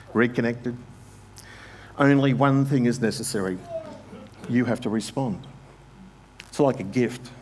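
Pastor, male, earnest sermon delivery, mid-pitched voice, faint noise under it. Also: darkish tone. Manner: earnest, direct, with many questions to the congregation.

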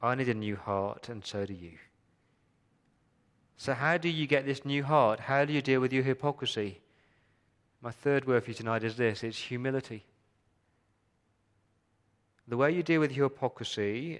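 A man preaching a sermon as pastor, talking to the congregation with rhetorical questions and swinging from loud emphasis to hushed, quiet lines. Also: mid-range voice, moderate pace, long pauses.

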